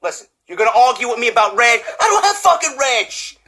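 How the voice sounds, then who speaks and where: A fussy, bickering man who keeps offering salad fixings and snaps back when anyone complains. A man puts him on mid-rant, high and bright, with a voice that swings up and down. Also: big pitch swings, a little fast, heavily acted. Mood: defensive. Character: flustered man fussing over a salad he serves.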